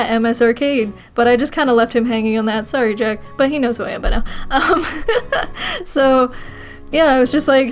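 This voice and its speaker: A young woman telling a rambling, excitable story as a vlog voice-over, often breaking into giggles. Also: high voice. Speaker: vlogger.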